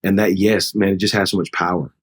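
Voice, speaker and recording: A man's voice: sits low, little pitch movement, brisk. A middle-aged man, a pastor, telling a personal story in an earnest, heartfelt, conversational way. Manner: earnest, heartfelt, re-enacts dialogue. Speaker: pastor, guest.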